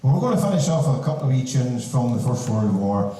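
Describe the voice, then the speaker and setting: A man's voice: medium pitch, sing-song, quick pace, dark tone. A man with a Northern Irish accent speaking to a concert audience, telling a humorous story in a chatty way with local turns of phrase. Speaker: band member speaking at a concert. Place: large hall. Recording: echoey hall, taken from far off.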